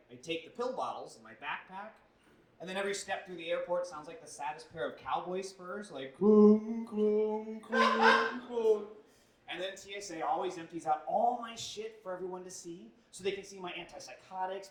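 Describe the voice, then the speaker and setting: A man's voice: on the high side, a bit bright. A young man doing a self-deprecating stand-up set on a club stage into a handheld mic, his delivery punchy and full of put-on voices. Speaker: stand-up comedian. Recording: echoey club from a distance.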